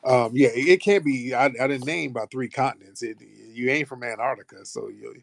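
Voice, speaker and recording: American man, casual host, profane teasing banter, mid-pitched, dry close sound. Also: fairly quick, vocal fry, no echo. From United States. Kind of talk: casual live-stream chat.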